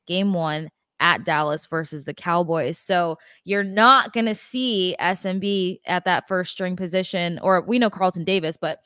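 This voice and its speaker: A woman co-hosting a sports podcast, talking to fans in a lively, emphatic way. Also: lowish voice, dry recording, clean studio sound. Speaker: podcast co-host. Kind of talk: casual sports chat.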